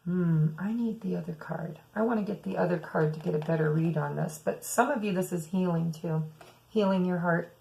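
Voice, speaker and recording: Woman doing a tarot reading for her viewers, raspy fry in her voice, thinks out loud. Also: fairly low pitch, moderate pace, poor audio. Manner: musing, speaks to viewers as "some of you". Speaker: tarot reader.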